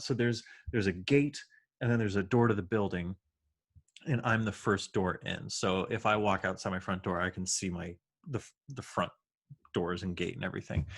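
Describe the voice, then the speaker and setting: A man with a lowish voice co-hosts a podcast in relaxed, casual chat. He tells loose, rambling stories, restarting sentences and filling gaps with "um" and "like.". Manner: rambling storyteller, many fillers and restarts. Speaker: podcast co-host.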